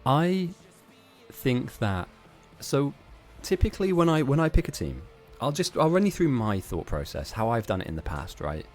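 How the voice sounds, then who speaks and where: A man's voice: medium pitch, very animated, moderate pace, a little mellow, faint music behind. A man hosting a live-streamed game tournament, chatting casually in a rambling, self-mocking way with frequent laughs.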